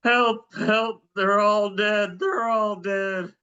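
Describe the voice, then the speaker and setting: A man's voice: sits high, steady tone, drawn-out words, bright, forceful tone, clear, resonant tone, muffled recording, voice pushed up, exaggerated voice. A man voicing a panicked caller pleading with an emergency operator. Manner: wailing, pleading. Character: frantic man calling emergency line.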